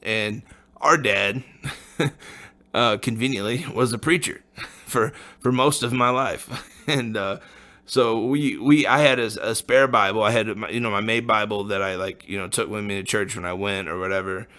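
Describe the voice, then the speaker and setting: A man's voice: lowish voice, moderate pace, bright, forceful tone. A man hosting a podcast, telling a story in a rambling, casual way, full of slang and swearing, laughing often. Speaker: podcast host.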